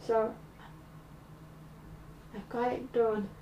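A woman vlogger telling a personal story in a halting way, full of fillers. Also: fairly high pitch, level tone, highs cut off, a little hiss or hum. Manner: halting, slow, with many fillers. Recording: roomy, distant mic.

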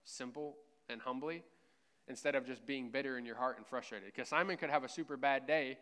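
A man's voice: medium pitch, fairly quick, fairly bright tone. A man preaching a sermon at church in a casual, conversational way, often checking in with "right?". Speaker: pastor.

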